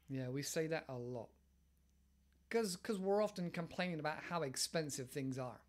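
A man's voice: fairly high pitch, moderate pace. Chatty man teaching idioms. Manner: chatty, wandering, self-interrupting. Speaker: English teacher podcast host. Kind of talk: casual podcast lesson.

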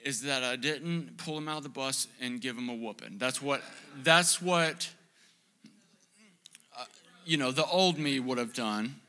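A young man preaching as pastor, telling a funny story about himself in an animated, self-mocking way. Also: mid-range voice, measured pace, pauses often. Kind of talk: sermon with storytelling.

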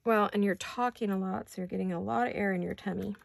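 Her voice is mid-range, gravelly, and steady in tone, and she talks at a quick pace. She's a middle-aged craft vlogger in her home studio, hiccuping, laughing frequently, and thinking out loud while she crafts.

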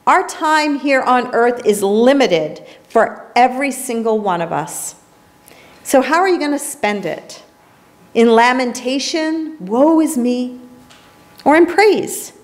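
Woman, pastor, high voice, earnest reflective sermon, storytelling. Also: lively intonation, takes it slowly. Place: small church sanctuary.

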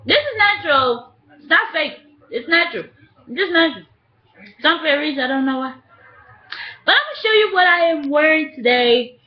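A woman's voice: high voice, expressive, moderate pace, pauses often. A young woman vlogging casually to her webcam, playful and giggly, often slipping into sing-song. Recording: dull lo-fi webcam audio.

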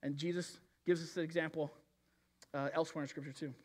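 A man's voice: fairly high pitch, flat delivery, a little fast, a little mellow. A man preaching a sermon in an earnest manner, with frequent restarts and acted-out quotes. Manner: earnest, repeats words and restarts often, acts out quoted voices. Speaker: pastor.

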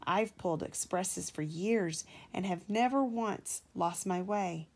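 A woman's voice: lowish voice, takes it slowly, a little mellow, breathy edge, full character voice. A mother doing a pompous boastful big engine. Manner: pompous, patronising. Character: proud boastful big male steam engine. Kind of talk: children's storybook read-aloud.

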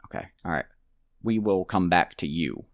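A man's voice: deep voice, animated, moderate pace, no room sound, studio quality. A man casually commenting on his own gameplay, rambling and joking to himself with mock outbursts. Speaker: let's play gamer.

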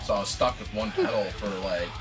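A man, a band's drummer, telling profane, animated stories and acting out what people said. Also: lowish voice, fast. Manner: animated, profane, acts out quotes. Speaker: band drummer. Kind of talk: casual storytelling interview. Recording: music behind, voice from off mic.

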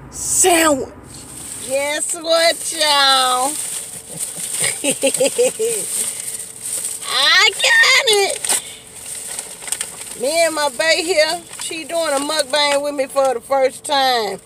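A woman's voice: fairly high pitch, slight background noise. A woman hosting a casual mukbang vlog, dramatic and repetitive, talking straight to her viewers. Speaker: mukbang host. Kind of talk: casual eating-show vlog chat.

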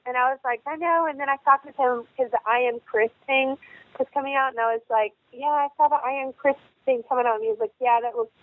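A woman guest in an interview, telling stories in a chatty, animated way with lots of fillers and acted-out quotes. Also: high voice, fast talker, dry recording. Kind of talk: casual storytelling in an interview. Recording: phone line.

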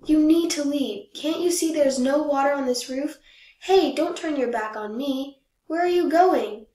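A cranky little tulip shouts down the geese on her roof, bossy and complaining, in a voice pitched a touch high, as a woman reads her. The room around her is echoey. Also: moderate pace, distant mic, close to an everyday voice. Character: grumpy young tulip who wants peace.

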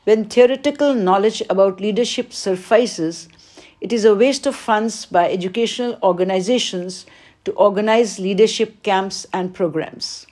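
A woman, teaching as she works through an exam paper, reading each question aloud and then explaining the answer with pauses. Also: mid-range voice, a little mellow. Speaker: English teacher. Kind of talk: exam paper walkthrough lesson.

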